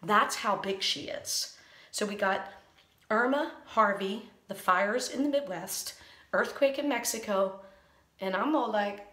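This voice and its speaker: A woman's voice: a little high, measured pace, fairly bright tone. Anxious woman ranting in an echoey bathroom. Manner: anxious, rambling, sarcastic. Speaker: comedian. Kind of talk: comic monologue vlog. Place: small bathroom.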